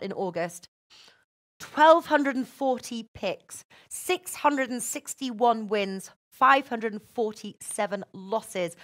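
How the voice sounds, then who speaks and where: A woman hosting a sports betting show, chatty and quick to laugh. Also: a little high, fairly bright tone. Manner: chatty, laughs often, restarts. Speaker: host. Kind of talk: casual chat.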